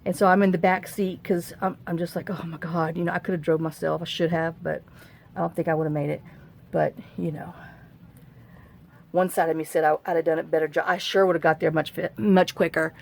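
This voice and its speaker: A woman's voice: on the low side, level tone, brisk, creaky, a little mellow, slight background noise. A woman vlogger chatting and telling a long story while she crafts, frank and rambling, recorded on a phone camera. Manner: rambling, frank, repeats herself.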